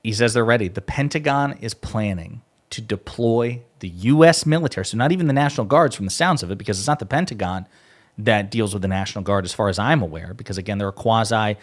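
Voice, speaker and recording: A man's voice: fairly low pitch, fast. A man giving emphatic, exasperated political commentary, often profane.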